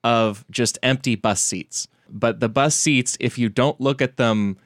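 A man hosting a casual comedic podcast chat, relaxed and often chuckling as he tells a story. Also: mid-range voice, measured pace, dry recording, studio quality. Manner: laid-back, chuckles often, reads quotes aloud. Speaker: podcast host.

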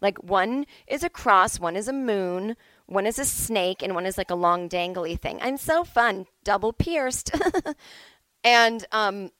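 A middle-aged woman hosting a comedy podcast from home, telling a rambling, self-deprecating story with lively asides. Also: mid-range voice, measured pace, dry recording. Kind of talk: casual comic storytelling.

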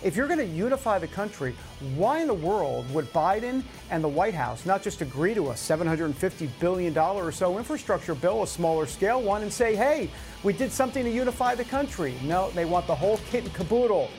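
A man hosting a news talk show, giving opinionated commentary in an animated, exasperated way, with many fillers and restarts. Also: sits high, brisk, soft background music.

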